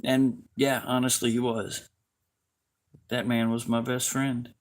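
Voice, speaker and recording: A man's voice: mid-range voice, flat delivery, slow, low-quality recording. A man in his fifties hosting a livestream, chatting casually with his viewers in a laid-back, folksy way with frequent chuckles. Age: 50s. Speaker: livestream host.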